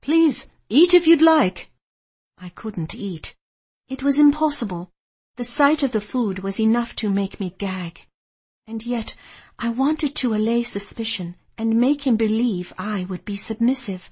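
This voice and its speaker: A woman reading a first-person historical novel aloud in a measured, steady way. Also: on the high side, breathy edge. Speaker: audiobook narrator. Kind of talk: first-person storytelling narration.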